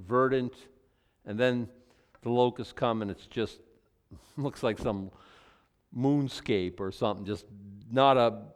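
A man's voice: mid-range voice, darkish tone, clear, resonant tone. Man teaching scripture with folksy asides. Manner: reads scripture then jokes and comments conversationally; acts out mock apologies in voices. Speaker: preacher. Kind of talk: Bible teaching with casual asides.

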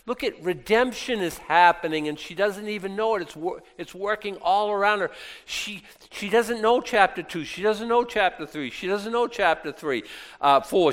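A middle-aged man preaching a sermon in a conversational way, swinging between hushed and loud moments. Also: high-pitched, normal speed. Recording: long reverb in a large hall.

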